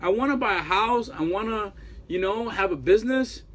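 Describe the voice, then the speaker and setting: A man's voice: high voice, expressive, moderate pace, fairly bright tone. A man in his thirties, a jilted ex-boyfriend, delivering a rambling, pleading monologue full of slang and repeated fillers. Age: 30s. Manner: casual profane slang.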